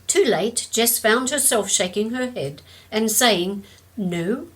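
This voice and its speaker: A woman narrating a short story in a measured, gentle way. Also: a little high, rough recording. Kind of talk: scripted narration. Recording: steady rain in background.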